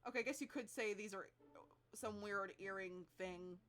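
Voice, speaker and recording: A woman's voice: mid-range voice, normal speed, a bit bright. A woman streaming a visual novel, reacting and joking in live commentary.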